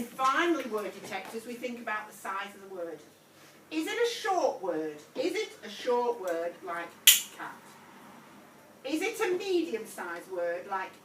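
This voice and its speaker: Picked up from a distance in an echoey classroom, a woman with a slightly high voice runs a whole-class phonics lesson amid a lot of noise. She encourages her primary pupils, says her prompts more than once and calls them sweetheart.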